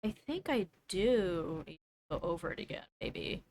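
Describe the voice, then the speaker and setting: A woman's voice: on the low side, very animated, moderate pace, creaky, darkish tone, slight background noise. A young woman streamer chatting casually while she draws, thinking aloud and doubting herself as she goes. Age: young adult.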